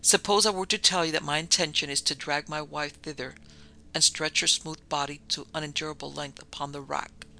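Man reading sinister disfigured nobleman, audiobook villain, gravelly, sharp tone, coldly polite. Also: a little high, steady tone, slight background noise, heavily acted. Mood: menacing. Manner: measured, coldly polite menace. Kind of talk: audiobook narration.

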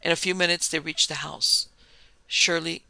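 Man, story narration, bright tone, very dry close recording. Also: fairly high pitch, fairly even intonation, a little fast, gravelly, smooth, dry recording.

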